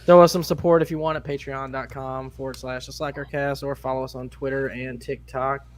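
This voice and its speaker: A man signs off a casual podcast. He talks in a loose, relaxed way and laughs easily. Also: medium pitch, fairly quick. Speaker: podcast co-host closing the show.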